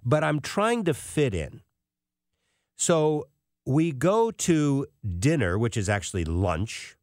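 A man's voice: medium pitch, sing-song, takes it slowly, darkish tone, no room sound, clean studio sound. A man in his sixties telling self-deprecating anecdotes in a casual monologue as a financial commentator. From United States.

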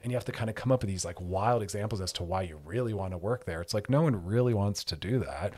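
A man hosting a radio advice show, speaking into a studio microphone. His voice sits a little low. He talks in an animated, lively way and slips into playful mocking voices when he imitates people. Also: fast talker, slightly rough. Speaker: radio show host and therapist.

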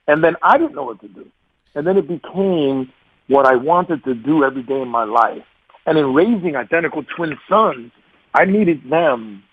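A man in his forties with a New York accent, a radio guest talking in a casual, animated way, laughing often and repeating words as he restarts. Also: a little high, husky, no room sound. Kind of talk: casual interview talk. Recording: dull, muffled radio sound, dry.

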